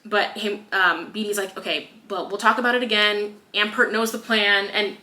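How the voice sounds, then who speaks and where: A woman's voice: mid-range voice, fairly even intonation, normal speed, pushed and bright. A woman co-hosting a podcast, casually retelling a book's scenes, acting out the lines and swearing freely. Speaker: podcast co-host. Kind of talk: casual book review chat. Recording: echoey room.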